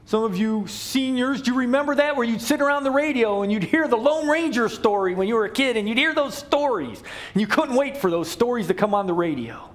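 A middle-aged man preaching from the pulpit with a high, lively voice that swings widely up and down. He tells the story playfully, with humorous asides and quick jokes. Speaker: pastor. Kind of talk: sermon.

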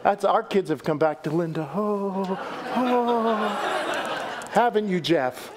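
High-voiced, animated middle-aged male preacher. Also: slow pace, a crowd in the background, noisy background. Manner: animated, folksy, with joking asides and repeated phrases. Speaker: pastor. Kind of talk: sermon.

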